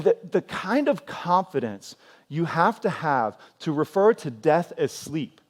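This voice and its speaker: A man in his forties preaching a sermon in a church, telling stories in a lively way and acting out scenes with sudden loud outbursts. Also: a little high. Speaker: pastor. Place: church sanctuary.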